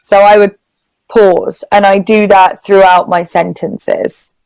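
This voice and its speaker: A woman's voice: medium pitch, little pitch movement, a little mellow, clean tone, no echo, poor audio. A British woman tutoring over a video call, explaining patiently with lots of "like". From Britain. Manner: slow, patient explaining with many "like" fillers. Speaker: online English tutor. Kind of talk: casual video-call lesson.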